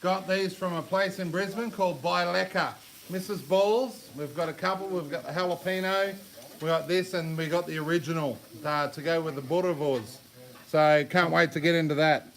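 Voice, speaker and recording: A man's voice: on the high side, normal speed, gravelly, a bit bright, low-quality recording. A man casually showing some jars he bought. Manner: talks through the jars he bought. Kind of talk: casual chat.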